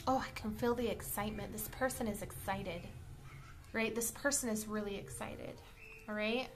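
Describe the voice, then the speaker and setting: Speaking at normal speed in a steady, mid-range voice, a woman delivers a casual tarot reading. She's chatty and blunt, drops the odd swear word, and keeps asking "okay?" and "all right?"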